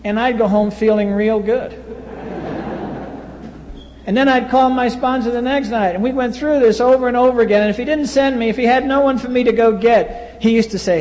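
At a recovery meeting, a man from the US East Coast tells a blunt, wry personal story, acting out the voices of people he quotes. His voice is very high-pitched and darkish, at a normal speed, and the recording rings in a reverberant hall.

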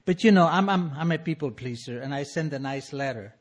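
A man in his sixties telling a personal recovery story to an audience in an animated, wry, emphatic way. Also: a little high, fairly quick. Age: 60s. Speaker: speaker sharing a recovery story.

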